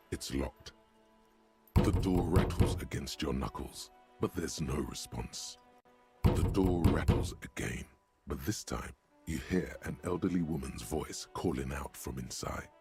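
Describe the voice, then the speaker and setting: A man's voice: extremely low pitch, a little slow, over music. An actor playing a wry, mocking male narrator in a video game, describing scenes in a dry, sardonic way. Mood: ominous.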